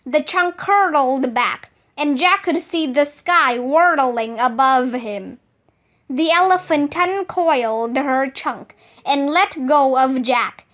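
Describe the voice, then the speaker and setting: A woman reading a children's book aloud as narrator, slow, careful and expressive. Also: sits high.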